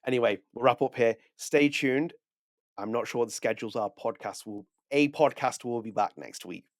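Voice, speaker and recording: A man co-hosting a video podcast, talking casually in a rapid, animated way with frequent restarts. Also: mid-range voice, no room sound, studio quality. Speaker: podcast co-host. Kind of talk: casual chat.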